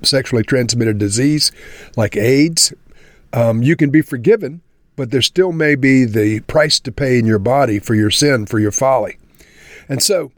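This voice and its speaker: A man's voice: medium pitch, dry recording. A man giving an earnest devotional Bible teaching, speaking to his listeners as friends and closing in prayer.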